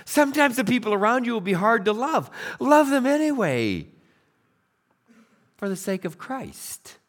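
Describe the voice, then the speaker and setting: A middle-aged man preaching a sermon, retelling scripture stories with animated storytelling and acted-out voices. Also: very high voice, measured pace. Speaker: pastor.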